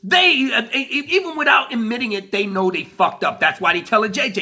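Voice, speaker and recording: A man's voice: high-pitched, brisk, hardly any pauses, pushed and bright, soft background music. A man giving a profane, casual commentary rant, mocking and laughing often, with frequent stammered restarts. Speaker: commentary vlogger.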